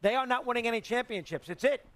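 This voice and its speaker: A man's voice: very high voice, fast talker, a bit bright, no echo. A man giving blunt sports analysis, repeating his point for emphasis. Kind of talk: sports talk opinion.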